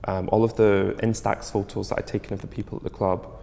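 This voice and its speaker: A man's voice: lowish voice, level tone, fast, gravelly, warm tone, big-room sound. A man in his thirties, a fashion designer, answering interview questions in a chatty, loose way full of fillers. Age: 30s. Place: interview studio.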